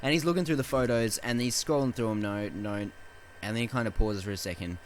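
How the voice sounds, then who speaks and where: A man's voice: fairly low pitch, fast talker, a little hiss or hum. A man co-hosting a casual film podcast, who swears freely and acts out movie scenes with quoted lines. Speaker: podcast co-host.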